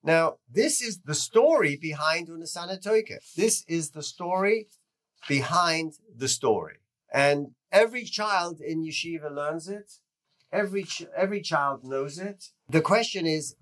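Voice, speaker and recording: A man teaching through a lecture that tells a story, with lively swings in pitch and loudness. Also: unhurried. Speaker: teacher of Jewish history.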